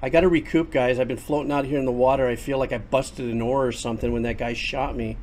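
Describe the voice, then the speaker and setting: An older man chatting through a headset as he streams a game, his voice sitting in an ordinary middle register. He talks casually and gets excitable, exclaiming often as he plays. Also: medium pitch, quick pace, slight background noise. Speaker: streamer and composer. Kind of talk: casual livestream commentary.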